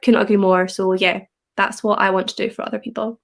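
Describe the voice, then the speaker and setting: A young woman from Scotland with a softened Scottish accent, chatting casually on a livestream and reading viewer comments aloud. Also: medium pitch, little pitch movement, fast talker, vocal fry. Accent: Scottish, softened by English. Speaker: livestream host.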